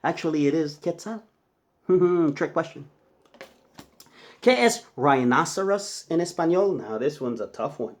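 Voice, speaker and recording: A man teaching a casual Spanish vocabulary lesson, quizzing playfully and slowly repeating each word. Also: on the high side, animated. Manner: quizzing, playful, drawn-out slow repetitions of words.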